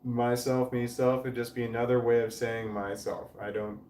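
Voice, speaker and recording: A man's voice: medium pitch, completely flat delivery, normal speed, a little mellow. A man in his forties hosting a home livestream, chatting in a rambling way, trailing off and swearing casually as he reads viewer comments. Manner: meandering, trails off mid-sentence, swears casually. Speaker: livestream host reading chat. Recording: roomy, distant mic with faint background noise.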